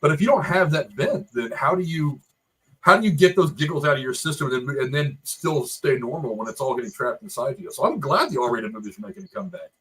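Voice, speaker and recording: A man's voice: fairly high pitch, expressive, fast, a bit bright, poor audio. A man co-hosting a casual movie review podcast, reflecting at length on comedy and film.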